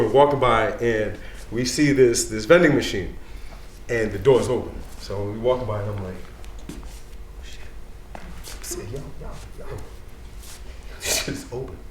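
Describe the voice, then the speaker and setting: A man's voice: medium pitch, reverberant, slight background noise. A man in his thirties, a dean of students, telling a personal story live in a casual, streetwise way, full of "you know".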